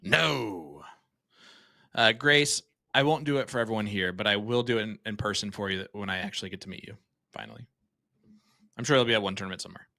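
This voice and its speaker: A man's voice: on the low side, steady tone, fast, bright, forceful tone. A man doing live darts commentary, cracking jokes and teasing banter between throws.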